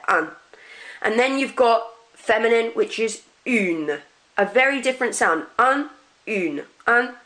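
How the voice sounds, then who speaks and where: Woman teacher, patient classroom delivery, drills words slowly. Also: medium pitch. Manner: clear, patient, repeats example words slowly. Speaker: French teacher. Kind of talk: classroom pronunciation lesson.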